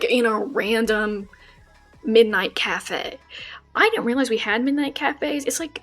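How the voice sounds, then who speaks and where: A young woman streamer telling a casual story, animated and swearing freely. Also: on the high side.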